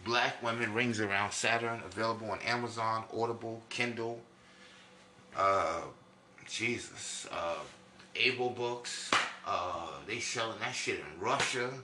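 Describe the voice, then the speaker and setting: A man from New York doing a loud, preachy comic monologue that swings between high and low. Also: a little slow, recorded from a distance, noisy background. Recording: echoey room, from off-mic.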